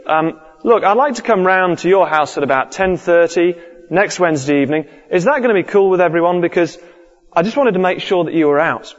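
Casting: male preacher putting on a breezy burglar, casual and offhand, quick patter, lo-fi reverberant hall sound. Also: sits high, animated. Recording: dull lo-fi recording with long hall reverb.

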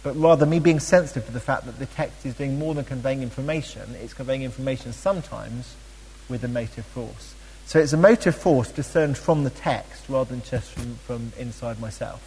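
A man teaching a Bible study, chatty and animated, with frequent ums and playful asides. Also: mid-range voice, a little fast, in a large hall, slight background noise, low-quality recording.

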